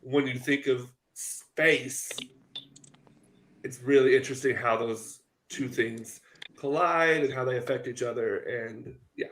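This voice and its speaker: A man's voice: medium pitch, fairly even intonation, measured pace, fairly bright tone, slight background noise, rough recording. A man sharing thoughtful opinions on a podcast, hesitating and restarting as he goes. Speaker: podcast co-host. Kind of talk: casual chat.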